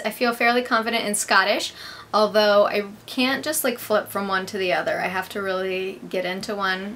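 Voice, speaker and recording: With a pushed, bright, medium-pitched voice and a bit of background noise, a young American actress chats on her vlog while answering viewer questions. She stays upbeat, leaning heavily on "like" and "I believe."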